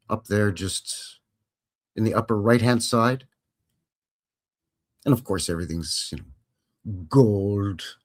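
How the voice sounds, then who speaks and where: A man hosting a live stream, reading viewer comments aloud and joking casually while commenting on film clips. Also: lowish voice. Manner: jokey, chatty, reads viewer chat aloud.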